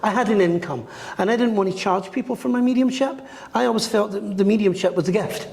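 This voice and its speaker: A psychic medium, appearing as a guest on a podcast interview, tells animated stories and acts out the voices in them. His voice sits high, gravelly and fast-paced, in a roomy, echoey space with long reverb.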